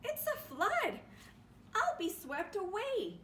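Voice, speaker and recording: A woman voicing a timid young male bullfrog in a storybook, in a high, anxious voice. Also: big pitch swings, takes it slowly, a bit bright, recorded from a distance, slight background noise, heavily acted. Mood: frantic.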